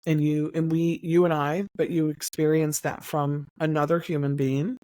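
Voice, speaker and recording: A woman's voice: deep voice, level tone, moderate pace, dark tone, dry recording, clean studio sound. A woman hosting an interview podcast, affirming and supportive toward her guest. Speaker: podcast host. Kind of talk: interview conversation.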